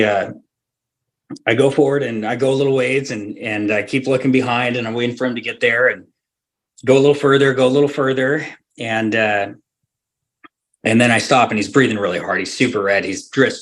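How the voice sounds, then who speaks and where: A man from Alaska, a hunting guide, telling a lively story as a podcast guest, laughing often and acting out what people said. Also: mid-range voice, a little fast. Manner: animated storyteller, laughs often, acts out quoted dialogue.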